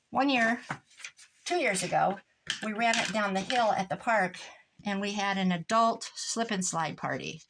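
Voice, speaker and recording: A woman's voice: mid-range voice, noisy background. A woman, chatting through a rambling family story while she works on a craft project at home. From Iowa, USA. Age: 60s. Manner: rambling, animated anecdotes with asides about the craft. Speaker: crafting vlogger. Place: home craft desk indoors.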